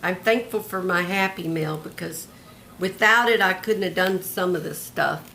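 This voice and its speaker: A woman's voice: fairly low pitch, moderate pace, gravelly, sharp tone, slight background noise. An older retired woman showing off a handmade journal in a homey, chatty show-and-tell, describing each piece one by one. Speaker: craft vlogger.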